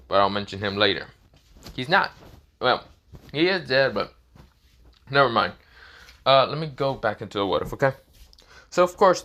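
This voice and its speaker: A man casually improvising a fan fiction story, rambling and filling pauses as he searches for words. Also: medium pitch, a bit bright. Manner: rambling, full of fillers and self-corrections.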